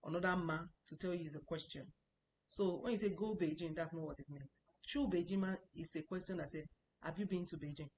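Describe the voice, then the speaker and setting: A woman's voice: fairly low pitch, brisk, slight background noise, rough recording. A woman teaching a Chinese language lesson, explaining patiently and repeating key points, and stressing important words.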